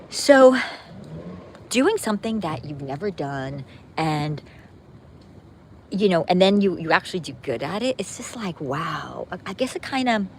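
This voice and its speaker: A woman's voice: fairly low pitch, a little hiss or hum. A woman chatting casually with viewers on a livestream while out walking her dog, upbeat and rambling with many fillers and restarts. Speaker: livestream vlogger. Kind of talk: casual live chat with viewers. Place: outdoors on a street with her dog.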